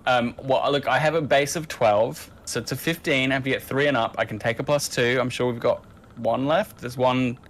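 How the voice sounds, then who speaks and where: Male player, casual and jokey, mid-pitched everyday voice. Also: steady tone, normal speed. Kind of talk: casual table chat.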